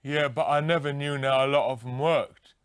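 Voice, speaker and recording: An actor playing a childlike, confused male rock guitarist who talks in slow, muddled thoughts in a comedy sketch interview. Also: mid-range voice, steady tone, smooth, no room sound, studio quality, lightly acted.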